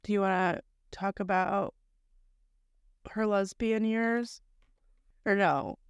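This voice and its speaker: A woman co-hosting a podcast recaps a story in casual chat, chaining events together in long run-on stretches and speaking bluntly with some mild swearing. Her mid-range voice keeps a fairly even intonation and a slow pace, clear and resonant. The recording is dry and the audio sounds dull.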